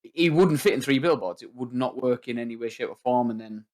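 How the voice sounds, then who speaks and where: A man's voice: mid-range voice, brisk. Chatty man acting out movie lines. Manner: animated, acts out quoted movie lines. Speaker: podcast co-host. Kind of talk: casual film discussion.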